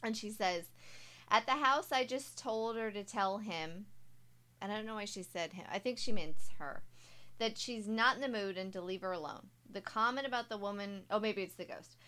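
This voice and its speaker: A woman co-hosting a casual podcast, reading listener stories aloud with quick asides and frequent laughter. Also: mid-range voice, pushed and bright, clear, resonant tone. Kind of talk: casual chat.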